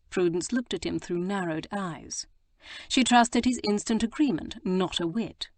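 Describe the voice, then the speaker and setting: A woman narrating an audiobook in a measured, expressive storytelling manner. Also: medium pitch, no echo. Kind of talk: scripted narration.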